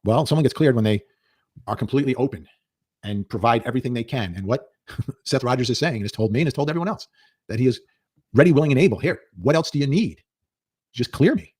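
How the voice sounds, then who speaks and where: A man's voice: medium pitch, quick pace, long pauses, darkish tone, slightly rough, no echo, clean studio sound. A man giving earnest, emphatic commentary, repeating key points for stress. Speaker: legal commentator. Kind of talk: clip of commentary played in a stream.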